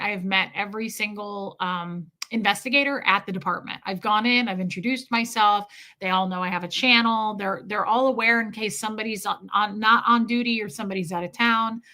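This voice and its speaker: Chatty woman with a bright voice. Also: mid-range voice. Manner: chatty, thanks viewers mid-story, animated retelling. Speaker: livestream host. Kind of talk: casual livestream storytelling.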